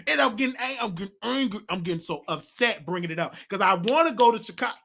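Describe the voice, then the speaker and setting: A man hosting a show and telling a personal story in a rambling, animated way, with laughter and many restarts. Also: high voice, fast talker, vocal fry. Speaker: talk show host. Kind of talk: casual storytelling monologue.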